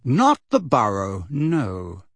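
A man voicing a tired, kindly young wizard who speaks quietly in a low, measured way in a storybook reading. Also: wildly swooping pitch, creaky, dry recording, exaggerated voice. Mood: calm.

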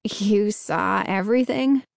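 A woman's voice: medium pitch, slow pace, vocal fry, dry recording, studio quality. A woman voicing a worried boy who sounds anxious and a little out of breath. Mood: uneasy. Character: worried, uneasy young boy, Danny.

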